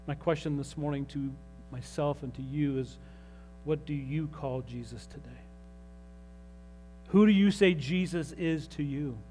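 A man's voice: on the high side, measured pace, warm tone, slight background noise. Man preaching a Sunday sermon. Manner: earnest preaching, rising with emphasis on key phrases. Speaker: pastor.

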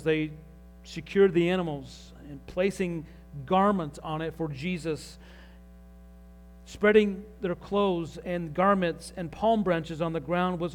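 A man's voice: fairly high pitch, a little hiss or hum. A man preaching as a pastor, earnest and rising in emphasis on key phrases. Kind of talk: sermon.

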